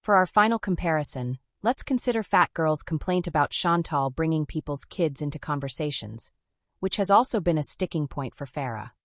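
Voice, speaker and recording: Dry, wry low-voiced woman narrator. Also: animated, normal speed, no room sound. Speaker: commentary narrator. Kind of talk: scripted documentary narration.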